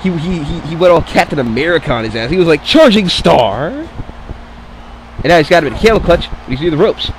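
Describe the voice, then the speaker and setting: A man giving casual play-by-play commentary on a wrestling video game match, excitable and swearing, drifting into rambling asides. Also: a little high, fairly quick, a little hiss or hum, rough recording.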